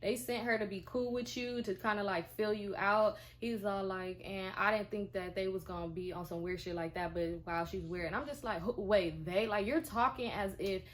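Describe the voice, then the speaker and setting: A young woman, telling a storytime in casual chat, animated and profane and acting out the dialogue. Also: medium pitch, normal speed, few pauses. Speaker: vlogger.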